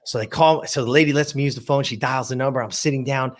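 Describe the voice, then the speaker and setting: A man in his 50s with a mid-range voice speaks fast as a guest, telling a personal story in an emphatic motivational style. He repeats words and addresses the audience directly.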